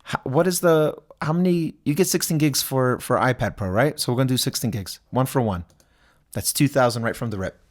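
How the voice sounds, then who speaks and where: A man's voice: medium pitch, fairly quick. A man hosting his own podcast, ranting casually and with exasperation, thinking aloud with many restarts. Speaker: podcast host. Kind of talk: casual solo podcast rant. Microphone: podcast mic recorded into streaming software.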